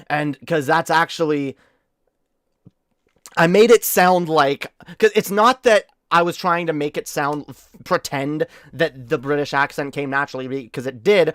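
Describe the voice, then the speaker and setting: A man streaming while tipsy, giving boastful, excitable, profane commentary on his old footage. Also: a little high, measured pace, clean tone, dry recording, clean studio sound. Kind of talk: reaction livestream commentary.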